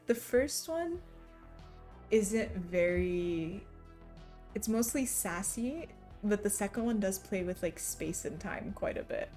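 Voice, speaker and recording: A woman's voice: mid-range voice, mellow. A young woman chatting casually on a live stream, answering her chat and laughing often between remarks. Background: faint background music.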